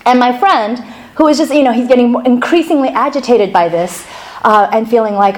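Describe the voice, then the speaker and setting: A middle-aged woman pastor opening a sermon with a chatty, animated personal story, laughing now and then. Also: fairly high pitch, fairly quick, rough recording.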